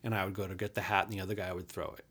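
A man's voice: sits low, flat delivery, very fast, fairly bright tone, husky. A man in his fifties telling a personal story from his youth in a frank, earnest way, with casual swearing.

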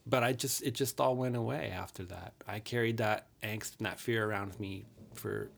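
A man in his fifties with a low, gravelly voice that crackles with fry. He recounts a painful chapter of his youth in a frank, earnest way. He swears casually as he talks. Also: steady tone, normal speed. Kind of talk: candid personal storytelling.

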